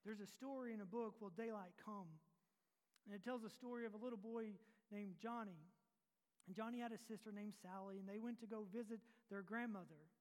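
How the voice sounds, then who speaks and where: A pastor preaching a sermon, telling stories and dropping to hushed tones for emphasis. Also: mid-range voice, a little fast. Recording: long reverb of a large room.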